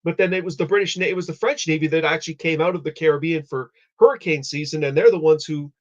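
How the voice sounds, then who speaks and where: A man's voice: fairly high pitch, fast. Man explaining at length, lo-fi sound. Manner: rambling, explanatory, many restarts. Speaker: live stream host. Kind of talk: casual chat. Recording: dull lo-fi audio.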